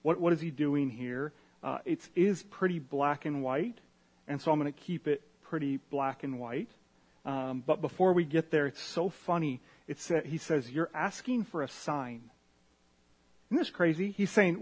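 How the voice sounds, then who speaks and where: A pastor giving a casual, conversational sermon, retelling scripture with animated asides and questions to the congregation. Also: male voice, on the high side, a little slow, breathy edge.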